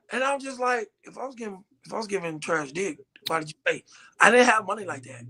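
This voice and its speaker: A man co-hosting a podcast, telling stories bluntly and swearing in casual chat. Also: very high voice. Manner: animated, blunt storytelling with swearing. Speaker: podcast co-host.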